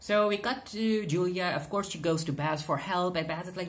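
A woman recaps a TV episode in casual commentary, her voice low and relaxed, her pace moderate. She's chatty and unscripted, with lots of "uh"s and restarts, and she retells scenes by quoting the characters' lines.

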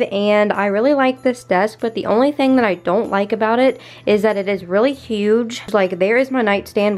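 A young woman vlogging at home in her bedroom, chatty and gushing, with lots of "like" in her speech. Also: mid-range voice. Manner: gushing and excitable, heavy use of "like". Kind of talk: casual vlog chat.

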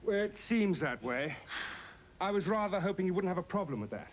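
A smooth, caddish Englishman with an English accent in a 1990s sitcom. He talks fast and breezily, with lively pitch. Nothing ruffles him. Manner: breezy, polite, unbothered.

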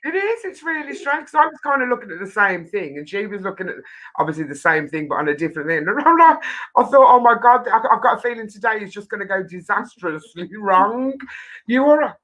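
A woman from Birmingham with a Brummie accent, hosting a casual chat show in a lively, jokey way. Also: medium pitch, a little fast, rough recording. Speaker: host.

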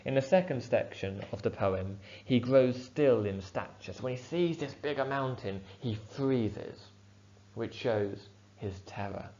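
A male teacher giving a measured, clear explanation of a poem, with the odd filler. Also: mid-range voice, dark tone. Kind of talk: poetry analysis lesson. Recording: dull lo-fi sound.

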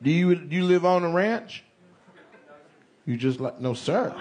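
A man's voice: on the high side, expressive, unhurried, long pauses, very noisy. A man doing stand-up crowd work, teasing audience members with playful banter on a comedy club stage. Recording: live club with loud crowd. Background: audience laughter.

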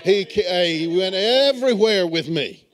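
Here a bishop preaches in a high, animated, unhurried voice within a church sanctuary. Having moved to Texas in adulthood, he tells stories and invites his congregation to call back to him.

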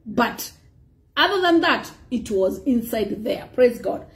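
A woman preaching a sermon, animated, slipping Swahili phrases in among frequent praises to God. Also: sits high, unhurried.

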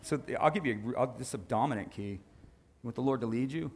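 Animated male pastor preaching. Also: mid-range voice, slight background noise. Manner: animated, conversational preaching with quick asides. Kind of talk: sermon.

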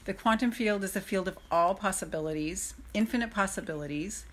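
A woman working as an emotional freedom coach, speaking in an excited, laughing live-stream monologue. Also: mid-range voice, brisk, a little hiss or hum. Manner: bubbly, laughing, breathless enthusiasm.

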